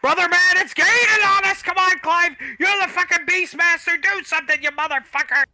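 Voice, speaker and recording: Man putting on a brash cursing hothead, high-pitched, piercing and tense. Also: steady tone, normal speed, slight background noise, heavily acted. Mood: frantic. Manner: yelling crude insults. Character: brash foul-mouthed man, crude reckless driver.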